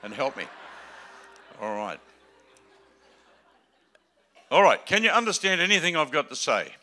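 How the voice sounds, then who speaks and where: An older man with an Australian accent and a gravelly voice, preaching as a guest with jokes and rambling asides, swinging between loud calls and quiet remarks. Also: fairly high pitch, sing-song, a little fast, slight background noise. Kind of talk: sermon.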